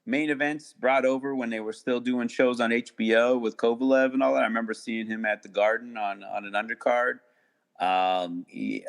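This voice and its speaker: A man talking casually as a podcast guest, halting with many restarts and fillers. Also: mid-range voice, gravelly. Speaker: guest attorney.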